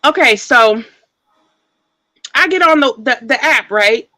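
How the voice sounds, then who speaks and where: A somewhat high, bright and forceful woman's voice, a little winded. She talks in a loose, colloquial way as she tells a story to her viewers on a casual live stream. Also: takes it slowly, poor audio. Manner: colloquial, expressive, chatty with viewers. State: out of breath. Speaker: co-host telling a story.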